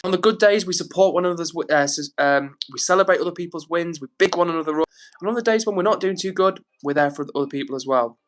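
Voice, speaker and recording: A man hosting a live stream, chatting casually and reading viewer comments aloud in a gentle, reassuring way. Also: fairly high pitch, quick pace. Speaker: livestream host reading chat.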